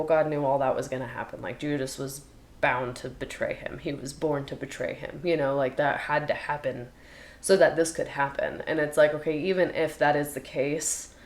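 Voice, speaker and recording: A podcast co-host with a low voice chats casually during a Bible study, retelling scripture in her own words.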